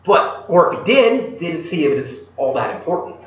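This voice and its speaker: A man preaching a sermon, retelling a Bible story in an animated way and putting questions to his listeners. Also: a little high, normal speed, a little hiss or hum. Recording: echoey, distant, dull room recording.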